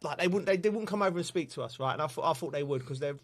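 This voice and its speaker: A man, a football pundit telling stories in casual chat, animated and laughing often. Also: a little high, very fast. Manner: laughing, animated storytelling with slang.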